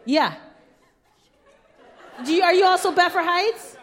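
A young woman from Cleveland co-hosting a comedy podcast before a live audience, playful and quick to laugh. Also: very high voice, a bit bright, long reverb tail, a faint crowd. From Cleveland, Ohio.

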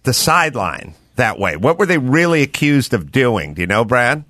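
A man hosts a podcast in loose, rambling chat, tossing out questions and jokes. His voice is bright and forward. The studio sound is dry and close. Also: medium pitch, very animated, normal speed, no echo. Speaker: podcast host. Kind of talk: casual chat.

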